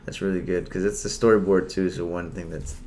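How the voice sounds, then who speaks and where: A man with a lowish voice hosts a relaxed chat. He tells rambling stories and acts out the quoted lines of other people. Faint noise sits under his voice. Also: a little fast. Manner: rambling storyteller acting out quoted dialogue. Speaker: host. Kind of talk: casual chat.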